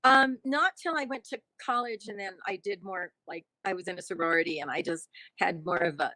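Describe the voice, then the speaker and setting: Chatty laughing actress, bright voice. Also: female voice, on the low side, a little fast, no echo. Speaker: actress and guest. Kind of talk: casual interview chat.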